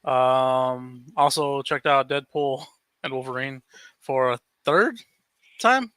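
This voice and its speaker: Male podcast co-host, chatty and loose, crisp bright voice, dry sound. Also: mid-range voice, no echo. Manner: easygoing, chatty, quick asides. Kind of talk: casual podcast chat.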